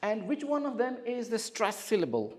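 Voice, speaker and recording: Animated male English teacher drilling a class. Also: high voice. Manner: slow and clear, with lively questioning and drilling.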